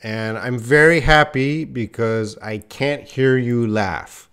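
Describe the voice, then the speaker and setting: Slow, chatty male English teacher. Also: medium pitch, fairly bright tone, smooth. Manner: casual, self-deprecating, addresses viewers by chat names. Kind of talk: live online English lesson.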